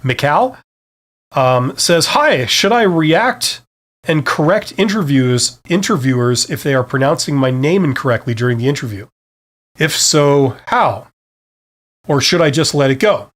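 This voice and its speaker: A man's voice: on the high side, lively intonation, a little slow, fairly bright tone. Chatty Canadian man hosting a live Q&A. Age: middle-aged. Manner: casual, self-deprecating, chatty with fillers. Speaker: host. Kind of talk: live-stream Q&A chat.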